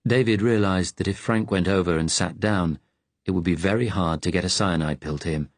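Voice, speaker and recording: A man reading an audiobook in a measured, even narration. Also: low voice, dry recording.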